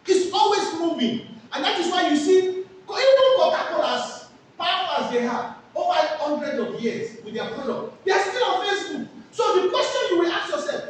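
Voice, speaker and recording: Woman teacher quizzing her class, high voice that swings up and down, echoey room from far off. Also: very animated, fairly quick, slight background noise. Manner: asks the class rhetorical questions and answers them herself. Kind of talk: classroom lecture with call-and-response questions.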